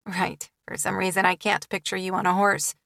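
A woman's voice: medium pitch, flat delivery, normal speed, creaky, a bit bright, no echo. A woman voicing a sardonic adult woman artist on the phone in an audiobook, dry and flippant.

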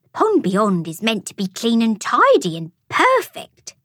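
A woman voicing a showy, enthusiastic female toad with a high-pitched voice, in a storybook audiobook. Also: huge pitch swings, a little slow, a bit bright, no echo, clean studio sound, exaggerated voice. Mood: gushing. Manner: gushing, enthusiastic.

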